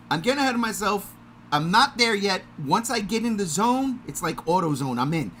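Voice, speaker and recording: Loud, lively, bright-voiced male podcast host. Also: high-pitched, fairly quick, a little hiss or hum. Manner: loud, energetic, self-mocking. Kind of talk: casual livestream chat.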